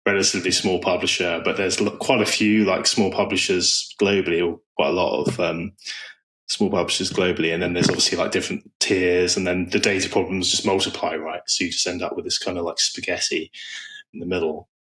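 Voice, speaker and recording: A man's voice: sits low, level tone, brisk, fairly bright tone, poor audio. A man hosting a podcast, asking thoughtful, meandering questions. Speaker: podcast host. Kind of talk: conversational podcast interview.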